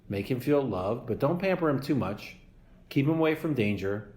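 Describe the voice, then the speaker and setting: A man's voice: mid-range voice, roomy sound, natural voice. A man voicing a bossy old female goose who scolds and lectures in a squawking, know-it-all way.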